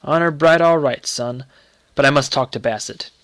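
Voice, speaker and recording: A man's voice: mid-range voice, moderate pace, a bit bright, no room sound, lightly acted. A man playing a jovial, teasing middle-aged uncle with a bluff, laughing manner. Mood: amused.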